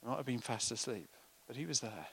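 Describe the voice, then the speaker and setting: Bright-voiced man preaching. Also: mid-range voice, quick pace, creaky, a little hiss or hum, poor audio. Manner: animated, acts out voices of the disciples. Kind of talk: sermon.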